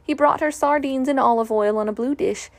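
A woman reading a children's storybook aloud in a gentle, even way. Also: high-pitched, fairly quick, dry recording.

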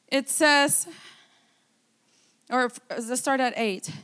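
A woman's voice: high-pitched, steady tone, slow, pauses often, a bit bright. A woman pastor delivering a fervent sermon at a church service, reading scripture aloud and breaking in with words of praise.

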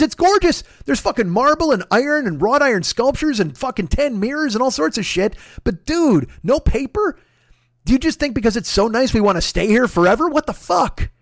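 A man's voice: high-pitched, creaky, no echo, studio quality. A man, a comedian and show host, telling a story in a profane, exasperated rant full of rhetorical questions. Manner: exasperated, swears constantly, rants with rhetorical questions. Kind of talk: profane comic storytelling monologue.

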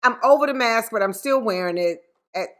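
A woman co-hosting a casual podcast chat, telling stories in a lively, animated way. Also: a little high, fairly quick. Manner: lively storytelling, animated exclamations. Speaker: podcast co-host.

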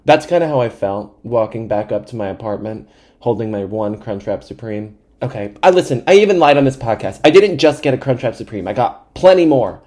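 Young man, podcast host, comic storytelling, animated, self-mocking, swears a lot, warm relaxed tone. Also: medium pitch, fairly quick. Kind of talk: comedic storytelling monologue.

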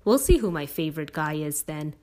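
A woman voicing a brisk, reassuring mother in a storybook reading. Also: low-pitched, expressive, a little mellow.

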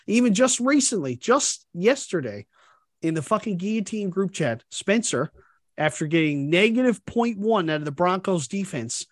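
A man hosting a casual podcast, swearing freely and slipping into other people's voices when he quotes them. His pitch swings widely as he gets worked up. The sound is dry and close. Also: dry recording. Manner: animated, profane, acts out others' chat messages. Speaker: podcast host. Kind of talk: casual fantasy sports chat.

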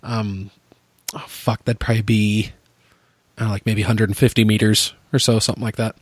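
A man's voice: fairly low pitch, little pitch movement, a little fast, no echo. Chatty, profane man. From United States. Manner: rambling, profane, laughs often. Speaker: podcast co-host. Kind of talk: casual storytelling chat.

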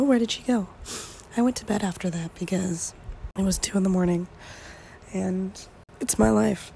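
Gravelly-voiced woman rambling on her podcast. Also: on the low side, a little mellow, a little hiss or hum. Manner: rambling, self-mocking, quick asides. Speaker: podcast host. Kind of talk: casual solo podcast chat. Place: at home, part recorded in morning sun.

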